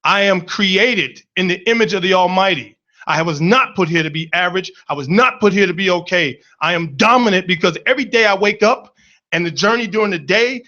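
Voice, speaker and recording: High bright guy telling funny stories, playful, animated, kinda muffled lo-fi audio. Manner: animated, playful, acts out voices in his stories. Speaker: storyteller. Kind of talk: comic personal storytelling.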